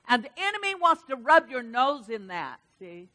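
A woman preaching a sermon with an animated, dynamic delivery that swings between hushed and loud. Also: high-pitched, normal speed, big-room sound, rough recording.

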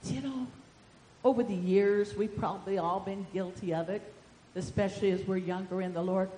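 A woman preaching a sermon in a fervent storytelling manner, swinging between shouts and hushed asides. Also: mid-range voice, fairly even intonation, moderate pace. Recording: echoey room.

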